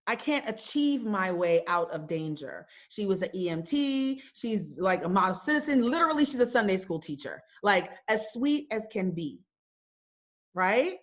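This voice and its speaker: Speaking with a medium-pitched, very animated voice at normal speed, a middle-aged founder and host delivers an impassioned talk. She is emphatic and keeps asking rhetorical questions, frequently repeating them, over dull lo-fi audio.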